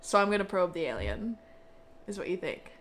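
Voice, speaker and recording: A woman's voice: on the low side, very animated, fairly quick, slight background noise. Young woman podcast cohost, chatty and giggly, voice swoops all over. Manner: giggly, rambling, lots of "like". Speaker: podcast co-host. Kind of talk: casual chat.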